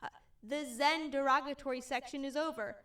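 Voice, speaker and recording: A young woman co-hosting a casual podcast, her voice high and bright in pitch. She tells stories in an animated, giggly way. She sits a little back from the mic, so she sounds slightly distant. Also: a little fast. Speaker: podcast co-host. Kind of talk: casual chat.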